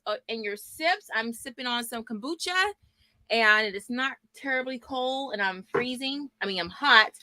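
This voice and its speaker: A middle-aged woman from Texas hosting a homeschool book club livestream from her small home office, lively and chatty, greeting viewers by name. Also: a little high, no room sound. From Texas, US South. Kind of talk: casual livestream book chat. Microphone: desk mic.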